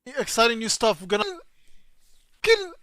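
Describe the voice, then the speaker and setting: A man's voice: very high voice, very animated, moderate pace, no echo, voice pushed up, heavily acted. A man putting on the voice of a furious male gamer ranting and swearing about a game update. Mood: angry rant. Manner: shouty, swearing, exasperated.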